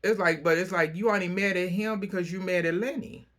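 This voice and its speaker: A man casually recapping a reality TV episode, chatty and opinionated, breaking into animated asides. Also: high-pitched, brisk.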